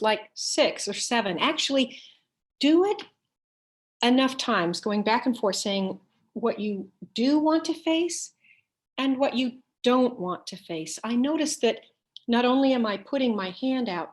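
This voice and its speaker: A woman presenting a workshop, calmly leading listeners step by step through a body-awareness exercise with pauses. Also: mid-range voice. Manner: calm, step-by-step instructions with pauses.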